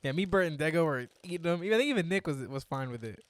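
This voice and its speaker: Co-hosting a laid-back podcast, a young man needles his friend, swears a lot and relies on filler words. His slightly high voice is animated and he races along.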